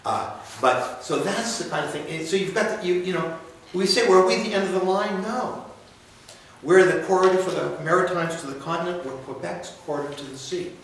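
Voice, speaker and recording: A man's voice: a little high, normal speed, gravelly, fairly bright tone, slight background noise. A man giving a folksy, rambling campaign speech to an audience at a university, often restarting his sentences. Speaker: political candidate. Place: university lecture room. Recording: echoey room, mic far off.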